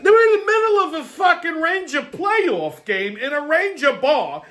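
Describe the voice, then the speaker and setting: High-voiced, foul-mouthed New man. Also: fairly bright tone. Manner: profane, heated storyteller. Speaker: host. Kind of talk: casual ranting monologue.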